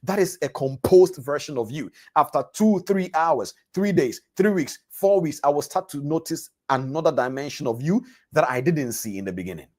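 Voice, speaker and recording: A man with a fairly high voice teaches a live online class. He speaks emphatically and turns to his listeners with questions. He repeats words and phrases over and over to drive his points home. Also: animated, moderate pace, hardly any pauses, darkish tone. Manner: addresses listeners directly with questions. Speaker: trading coach. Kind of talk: live online masterclass lecture.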